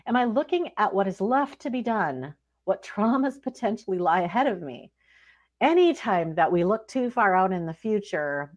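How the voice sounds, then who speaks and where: A woman giving an earnest, expressive devotional teaching talk, acting out prayers and laughing now and then. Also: mid-range voice. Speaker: Christian speaker.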